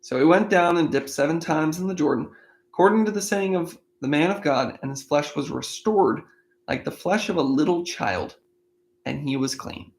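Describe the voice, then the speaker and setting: Man reading scripture and commenting, higher-pitched. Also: normal speed, gravelly. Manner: conversational, thinking aloud between passages. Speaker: Bible study host. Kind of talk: daily Bible reading with commentary.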